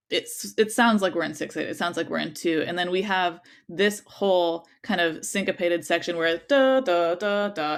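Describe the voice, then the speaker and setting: A woman's voice: lowish voice, vocal fry. Casual young woman teaching music. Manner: casual, sings rhythms on syllables, many fillers. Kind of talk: interpretation class lecture.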